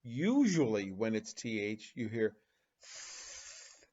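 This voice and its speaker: A male teacher walks young children through a phonics lesson, speaking very slowly with big, lively swings of pitch. He draws out each sound and asks playful questions about pictures. The recording is slightly dull and lo-fi. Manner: slow, animated, exaggerated sounds for children.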